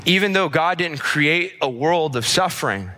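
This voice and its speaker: Male pastor, impassioned sermon with repeated lines, bright tone, long church echo. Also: on the high side, animated, normal speed. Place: church service.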